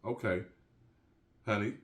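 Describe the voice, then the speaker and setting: A man's voice: fairly low pitch, steady tone, slow, a bit bright. A man reading an agreeable devoted girlfriend.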